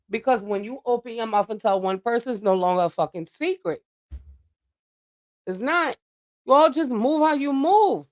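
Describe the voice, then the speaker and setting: A woman with a slightly high voice rants to her livestream chat. She is blunt, profane and preachy, lecturing listeners about who to trust. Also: animated, normal speed, a little mellow. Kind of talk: ranting live-stream monologue.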